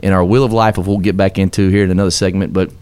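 A man's voice: low voice, fairly even intonation, fast, darkish tone, clean tone. A man guest on a radio show, telling his success story with earnest, upbeat, preacher-like emphasis. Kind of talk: motivational storytelling in a radio interview.

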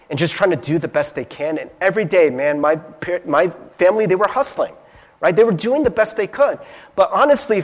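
A young man from Ohio preaching a conversational sermon, earnest and confiding, often checking in with his listeners. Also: fairly high pitch. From Ohio, USA.

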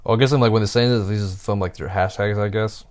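A man's voice: lowish voice, fairly even intonation. Man casually reading stories aloud. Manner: halting, chuckling asides, lots of fillers.

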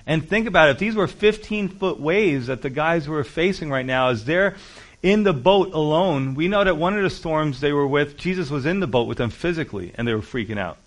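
A man preaching a sermon, pastor-style, acting out scripture quotes with rising and falling loudness. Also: on the high side, brisk. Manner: animated preaching, acts out Bible quotes with shifting loudness.

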